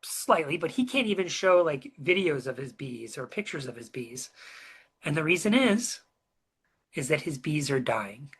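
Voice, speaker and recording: A webinar co-presenter telling a story in a casual, chatty way, filling pauses with um and uh and asking the listener questions. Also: mid-range voice, breathy edge. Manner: chatty and animated, many um and uh fillers, asks the listener questions.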